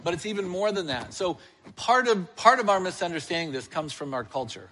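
A man's voice: high voice, animated, a little fast, bright, forceful tone, in a large hall, slight background noise. A male church elder preaching a sermon, asking the congregation questions and answering them himself.

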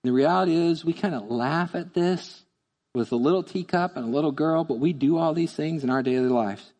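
Male pastor, high voice, chatty animated sermon, reverberant church. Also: a little fast. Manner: conversational, animated, acts out voices.

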